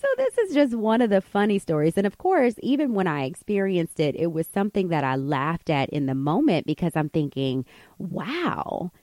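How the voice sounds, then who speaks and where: An American woman hosts a podcast and tells a personal story. Her delivery is conversational and full of fillers. Her lowish voice swings a lot in pitch, and the recording is dry and close. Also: brisk, hardly any pauses, no echo. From United States. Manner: animated, conversational, many fillers. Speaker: podcast host.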